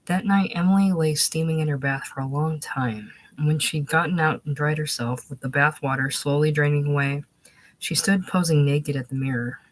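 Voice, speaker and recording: Narrating a novel for an audiobook, a low-voiced woman keeps her storytelling calm and steady. The recording is rough.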